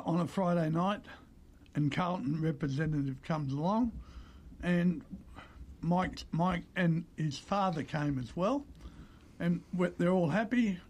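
An older Australian man telling animated stories as an interview guest, acting out the voices of the people he quotes. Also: high-pitched. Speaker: interview guest, former player agent. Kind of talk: conversational storytelling.

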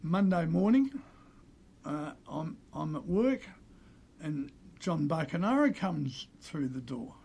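Husky older Australian man telling stories. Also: on the high side, slow pace. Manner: animated anecdote-telling, acts out quoted voices. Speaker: interview guest, former player agent. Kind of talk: conversational storytelling.

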